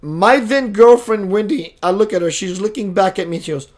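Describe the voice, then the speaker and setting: Middle-aged male host, high voice, casual and animated, acts out the quotes and reads out viewer names. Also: brisk, few pauses. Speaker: spiritual talk show host. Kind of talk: casual live-stream monologue.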